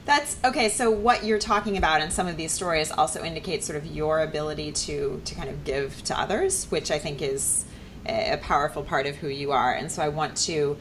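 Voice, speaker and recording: A woman hosts the interview in a low voice and asks her questions at length. She reacts attentively while the guest speaks. Faint noise sits under her voice. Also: fairly quick. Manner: attentive, gives frequent short reactions.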